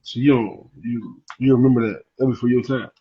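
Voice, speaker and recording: A man co-hosting a casual online show, talking loudly and excitably over a video call. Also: medium pitch, fairly quick, lo-fi sound, a little hiss or hum.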